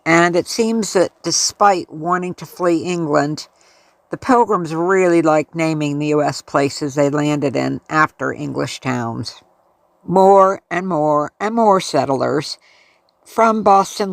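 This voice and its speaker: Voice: mid-range voice, gravelly, dry recording. An American travel vlogger narrating a casual tour in a chatty, friendly storytelling way. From United States.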